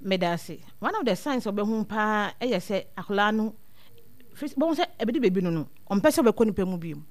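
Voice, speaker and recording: A woman's voice: mid-range voice, animated, normal speed, a little mellow, no room sound. A woman, speaking as a guest who gives earnest advice to parents in a casual talk. She often repeats words while she thinks. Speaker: guest speaker on child welfare. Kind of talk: casual advice talk mixing two languages.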